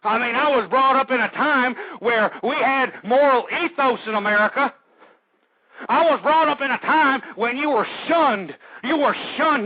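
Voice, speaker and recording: Male radio host, high pitched, agitated ranting monologue, lo-fi radio sound. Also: no room sound. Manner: ranting, agitated, shouting at times. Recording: dull lo-fi dry radio recording.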